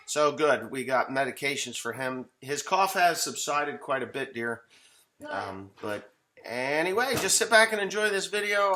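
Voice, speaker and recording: A man's voice: medium pitch, bright, forceful tone, slight background noise. A man in his fifties, a farmer, chatting to the camera outdoors among his equipment in a rambling, offhand way with a dry sarcastic streak. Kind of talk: casual farm vlog talking to camera.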